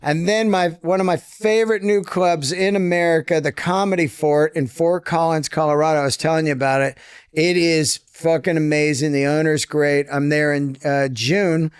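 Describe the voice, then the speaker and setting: Smooth-voiced, excitable male comedian guest. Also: a little high, moderate pace, no echo, clean studio sound. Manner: enthusiastic, profane, plugs tour dates. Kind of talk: casual podcast chat.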